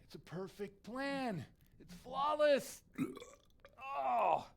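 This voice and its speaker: An actor playing a hungover, foul-mouthed middle-aged village priest in a video game, groaning, swearing and pleading. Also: male voice, very high-pitched, expressive, very slow, vocal fry, full character voice. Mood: scheming.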